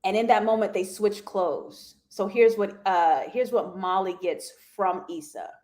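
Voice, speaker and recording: A woman's voice: medium pitch, unhurried, a little mellow. A young woman hosting a live TV review show, chatting casually to viewers with slangy asides and frequent laughter.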